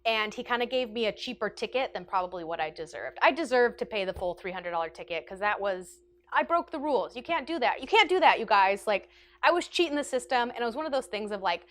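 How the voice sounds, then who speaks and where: Animated woman telling a storytime vlog. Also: on the high side, quick pace. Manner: animated, laughing, self-mocking. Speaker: vlogger. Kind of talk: casual storytime.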